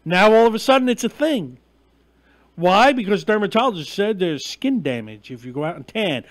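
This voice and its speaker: High-voiced ranting New man. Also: lively intonation, moderate pace. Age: 40s. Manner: ranting, profane, mocking and emphatic; gets loud and heated, then drops back to chatting with viewers. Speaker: host of a live online show. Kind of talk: ranting live-stream monologue.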